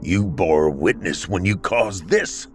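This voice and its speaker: A man voicing the angry ghost of an older man who speaks slowly and gravely. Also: low-pitched, expressive, faint music behind. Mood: accusing.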